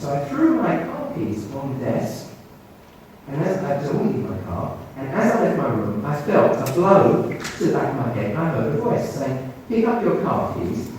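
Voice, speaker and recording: Male doctor, storyteller, very expressive, distant mic in a big echoey room. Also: normal speed, slight background noise. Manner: animated, swings his pitch when quoting others. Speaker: doctor giving a talk. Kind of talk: storytelling talk to an audience. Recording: roomy hall, mic at a distance.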